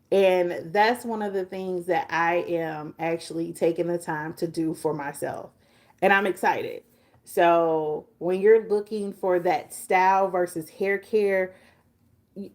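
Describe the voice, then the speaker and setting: A woman in her forties chatting casually and animatedly about hair care and food as a vlogger. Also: on the low side. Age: 40s. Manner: chatty and animated, talks baby talk to her dog. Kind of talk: casual chat.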